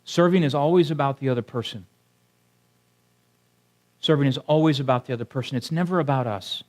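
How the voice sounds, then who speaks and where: In a church sanctuary, a man delivers a sermon to his congregation at a brisk pace and medium pitch. His style is conversational, and he regularly breaks off to ask the people before him questions.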